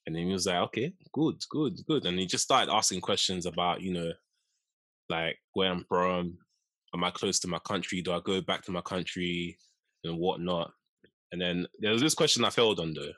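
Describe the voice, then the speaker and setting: A man's voice: sits low, normal speed, dry recording. A young man, co-hosting a casual chat and telling a story with lots of acted-out quotes and laughter. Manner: animated storyteller, acts out quotes, laughs often. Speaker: podcast co-host.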